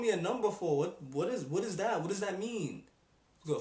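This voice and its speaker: A young man ranting on his video blog in an exasperated, animated way. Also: sits high, normal speed. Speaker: vlogger. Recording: echoey room.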